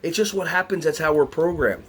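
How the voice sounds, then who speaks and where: A man from the United States leading a lively workshop for early childhood educators, playful and energetic. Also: fairly high pitch, fairly quick, a little hiss or hum. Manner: animated, playful, breaks into songs and silly voices.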